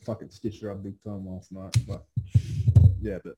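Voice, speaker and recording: A man with an Australian accent, co-hosting a podcast and telling a lively story in casual chat, laughing often. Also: deep voice, moderate pace, breathy edge. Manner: animated storytelling, heavy swearing, frequent laughter. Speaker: podcast co-host.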